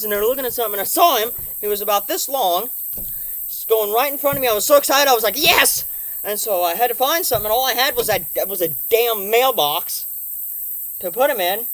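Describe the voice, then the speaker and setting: A woman filming a vlog outdoors by a house deck on a handheld phone, excitable and swearing, talking to a snake and her cats. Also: fairly high pitch. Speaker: vlogger.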